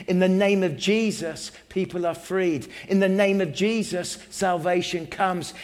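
A man with an English accent preaching a sermon as pastor, earnest and emphatic, building his points with repeated phrases. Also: sits high. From England.

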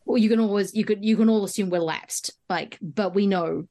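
A woman hosting a podcast, chatting in an animated way about films. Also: mid-range voice, fairly quick. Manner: chatty, animated, frequent "mm" backchannels. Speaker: podcast host. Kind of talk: casual film discussion.

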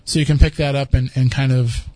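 A man's voice: medium pitch, steady tone, fairly quick, darkish tone, dry recording. A man hosting a podcast, chatting casually and rambling with frequent restarts. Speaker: podcast host. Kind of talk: casual chat.

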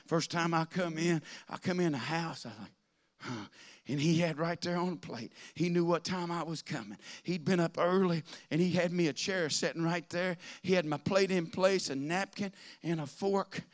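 A man's voice: a little high, moderate pace. A man preaching a sermon, telling folksy stories that rise into fervent preaching.

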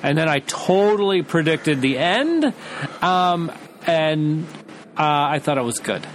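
Lively, excitable man chatting. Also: a little high, slow pace, a little hiss or hum. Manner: excitable and laughing often. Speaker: podcast co-host. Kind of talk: casual chat.

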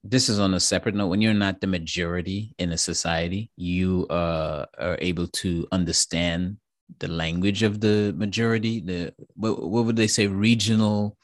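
A man's voice: low-pitched, steady tone, moderate pace, no echo, clean studio sound. A man hosting a podcast, chatting casually, laughing easily and often restarting his sentences. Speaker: podcast host.

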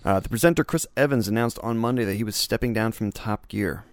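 A man's voice: fairly low pitch, quick pace, no room sound, clean studio sound. A man co-hosting a podcast in casual chat, laid-back and rambling, reading out news items. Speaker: podcast co-host.

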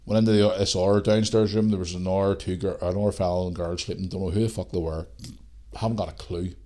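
A man's voice: low-pitched, fairly even intonation, quick pace, dark tone. A Northern Irish man in his forties, hosting a podcast and telling a rambling story, swearing freely. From Northern Ireland. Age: 40s. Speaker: podcast host. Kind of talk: casual storytelling.

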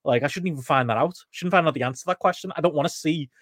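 A man's voice: fairly high pitch, a bit bright, dry recording, studio quality. A man co-hosting a casual wrestling podcast, giving his opinions firmly. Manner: fast, opinionated. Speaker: podcast co-host.

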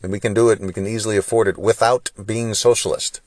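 Deep-voiced man lecturing in rhetorical questions. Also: steady tone, fast, no echo. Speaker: podcast host. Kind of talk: solo opinion monologue.

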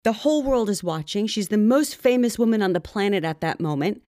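Female co-host, mid pitch, chatty and wry, dry close mic. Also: animated, fairly quick, dark tone, dry recording. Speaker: podcast co-host. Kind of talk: casual chat.

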